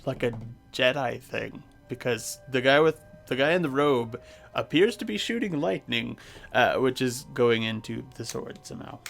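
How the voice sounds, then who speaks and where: A man acting as game master, describing an online tabletop game scene haltingly, with many fillers. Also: mid-range voice, expressive, gravelly, a bit bright, soft background music. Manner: hesitant, filler-heavy description.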